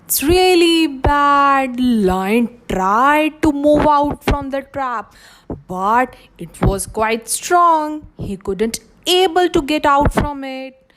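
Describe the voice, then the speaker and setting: A woman playgroup teacher telling a story to young children in an expressive way. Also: high-pitched, noisy background. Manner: slow, sing-song and expressive.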